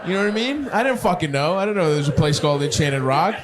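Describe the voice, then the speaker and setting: Brash, profane stand-up comedian. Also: male voice, fairly high pitch, animated, fast talker, heavy background noise. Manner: brash, profane, mocking, shouts punchlines. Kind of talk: crowd work stand-up. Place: comedy club stage. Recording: loud audience laughter behind.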